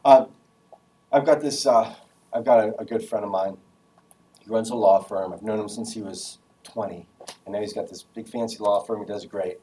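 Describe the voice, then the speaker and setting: A man's voice: on the low side, normal speed, far from the mic, slight background noise, poor audio. An upbeat man gives a casual, jokey talk to a class on job skills. He is picked up a little away from the mic in a room. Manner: energetic, casual, jokey, acts out phone voices. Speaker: guest speaker giving a career talk.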